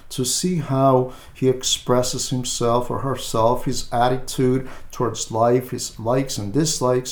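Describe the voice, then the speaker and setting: A man, an Orthodox clergyman, giving pastoral advice at a measured pace with frequent hesitant fillers. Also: mid-range voice, a little mellow, reverberant.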